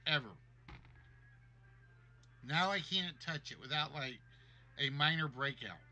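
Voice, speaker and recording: Bright-voiced high-pitched male game show host. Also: lively intonation, a little slow. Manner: jokey, reads guesses aloud. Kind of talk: livestream game show hosting.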